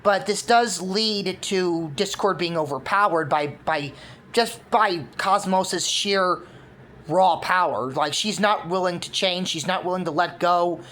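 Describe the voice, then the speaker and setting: A woman's voice: on the low side, measured pace, fairly bright tone. A woman casually laying out her fan concept for a cartoon, rambling with many fillers. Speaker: fan video creator.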